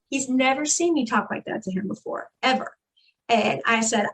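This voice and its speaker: Podcast guest, woman, higher register, emphatic and animated storyteller. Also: moderate pace. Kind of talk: personal storytelling in a podcast interview.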